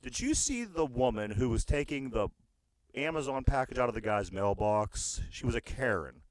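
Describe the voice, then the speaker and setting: A man's voice: mid-range voice, sing-song, normal speed, dry recording. A man with a Pittsburgh accent co-hosting a casual podcast, telling rambling stories with crude humor. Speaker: podcast co-host. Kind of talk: casual chat.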